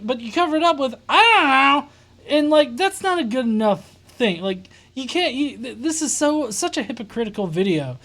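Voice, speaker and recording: A man hosting a reaction commentary, sarcastic and exasperated, swearing often. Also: high voice. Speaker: host reacting to a video.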